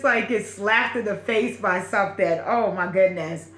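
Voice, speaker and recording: A woman's voice: medium pitch, a bit bright, roomy sound. Emphatic Brooklyn woman giving a spiritual reading. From Brooklyn, New York. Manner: repetitive, affirming, drawn-out and emphatic. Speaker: spiritual reader.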